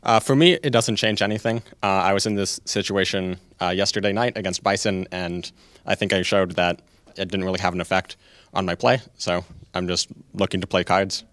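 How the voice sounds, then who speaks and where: A man answering as a tournament finalist, calm and confident. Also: deep voice, fairly quick, dry recording. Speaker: finalist player. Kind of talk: interview answers.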